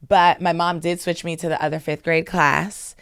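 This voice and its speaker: A woman in her thirties from Maryland, telling stories in a lively, animated way as an interview guest. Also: fairly low pitch, normal speed, clear, resonant tone, no room sound, clean studio sound. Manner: lively, animated storytelling with asides. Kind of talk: casual storytelling.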